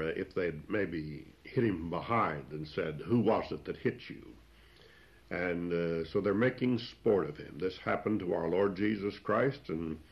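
A man preaching an expository sermon, explaining old scripture wording in plain speech with frequent pauses. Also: sits low. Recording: dull lo-fi recording.

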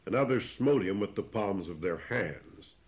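Deep-voiced preacher, dull lo-fi recording. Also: male voice, lively intonation. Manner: plain-spoken, explains old scripture wording, frequent "uh" pauses. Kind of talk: expository sermon.

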